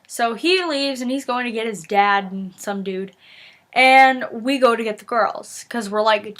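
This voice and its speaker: A teenage girl vlogging from her bedroom, telling funny stories in an animated, giggly way with lots of restarts. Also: a little high, moderate pace. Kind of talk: casual storytelling vlog. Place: bedroom with window open.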